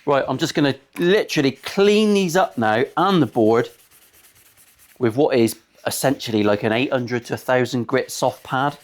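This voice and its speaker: In a mid-range voice at normal speed, a luthier in his forties chats while working on a guitar in his workshop. His talk rambles into crude, swear-filled jokes.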